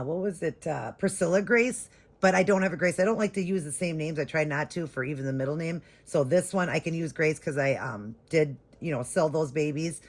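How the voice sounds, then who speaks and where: A woman chatting through a casual unboxing vlog at home, gushing and sentimental and close to tears. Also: sits low. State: emotional, holding back tears. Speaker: vlogger unboxing a reborn doll. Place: home doll nursery room.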